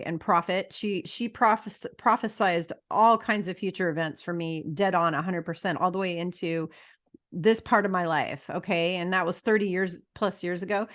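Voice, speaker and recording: A woman's voice: medium pitch, fairly bright tone. Emphatic, blunt-talking middle-aged woman. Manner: emphatic, blunt, swears freely, lectures the audience. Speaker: podcast host. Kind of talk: casual conversational interview.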